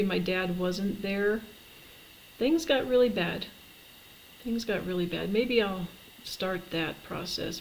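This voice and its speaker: Middle-aged woman, gravelly vlogger voice, halting and reflective, faint hiss behind. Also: medium pitch, a little mellow, poor audio. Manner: halting, reflective, with frequent fillers and restarts. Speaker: vlogger telling her life story. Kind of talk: personal storytelling to camera.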